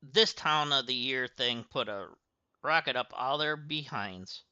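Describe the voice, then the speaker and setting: A man's voice: mid-range voice, unhurried, pushed and bright, clean tone, no echo. A man putting on a drawling Southern gas station owner. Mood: indignant. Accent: put-on Southern US. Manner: indignant, drawling read-aloud of game dialogue. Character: grumbling folksy small-town gas station owner.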